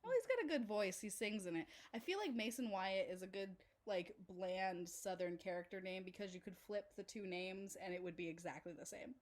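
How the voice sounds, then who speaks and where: A woman co-hosting a podcast, chatting casually about a film, animated and laughing as she mimics characters. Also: mid-range voice, a little fast, hardly any pauses. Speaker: podcast co-host. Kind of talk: casual film-review chat.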